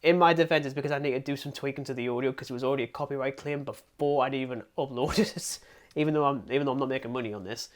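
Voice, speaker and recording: Male podcast co-host from England, mid-pitched, rambling, self-deprecating reviewer. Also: rapid-fire. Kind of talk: casual film review chat.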